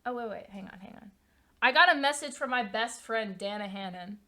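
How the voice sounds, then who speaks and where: A woman's voice: fairly high pitch, fairly quick. A woman in her twenties chatting casually on a stream, rambling through stories and swearing freely. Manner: rambling, swearing, animated storytelling. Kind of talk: casual chat.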